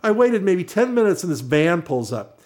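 A man telling a story in casual chat, animated and acting out the voices of the people in it. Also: high voice, normal speed. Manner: animated, acts out quoted voices.

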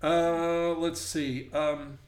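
A man's voice: a little high, little pitch movement, drawn-out words. Rambling man chatting in a roomy space. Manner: rambling, self-interrupting storyteller. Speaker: co-host. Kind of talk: casual chat.

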